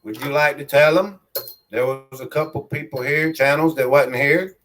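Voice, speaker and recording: A man's voice: medium pitch, normal speed, a bit bright, a little hiss or hum. A man with a Southern country accent hosting a casual livestream from his home on a phone held in his hand, reading viewer comments aloud in a rambling, friendly way and calling himself by his nickname. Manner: rambling and friendly, refers to himself in the third person. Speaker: livestream host.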